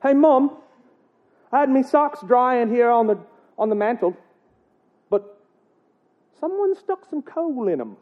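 A man voicing a puzzled son and his mother, squeaky and indignant. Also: expressive, slow pace, long pauses, full character voice. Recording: tinny phone-like sound.

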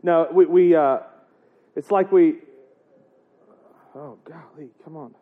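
A man's voice: on the high side, takes it slowly, noisy background. A man preaching in a casual, joking way, often asking the congregation rhetorical questions. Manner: joking, chatty, asks the crowd rhetorical questions. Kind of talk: casual sermon. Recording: tinny phone-like sound.

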